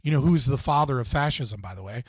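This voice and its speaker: A man's voice: medium pitch, animated, fast talker, breathy edge, no echo, clean studio sound. A man hosting a live stream, casually reacting to clips in a rambling way with lots of fillers and frequent laughs.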